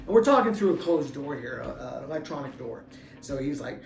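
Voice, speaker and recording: A middle-aged man, an author and former deputy, telling a personal story in an animated, chuckling way. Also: fairly high pitch, fast, gravelly. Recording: roomy room, distant mic, faint music.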